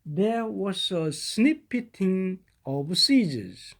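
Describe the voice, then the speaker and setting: Slow, gentle storybook reader. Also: medium pitch, lively intonation, creaky. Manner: slow and unhurried, with small stumbles and restarts. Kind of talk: reading a classic children's story aloud.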